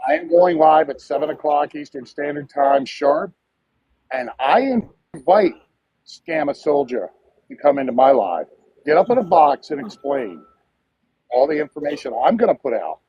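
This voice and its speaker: A man's voice: a little high, lively intonation, moderate pace. A man joining a livestream as a guest, speaking emphatically with many filler sounds. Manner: emphatic, full of filler uhs. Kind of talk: casual livestream chat. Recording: dull dry lo-fi audio.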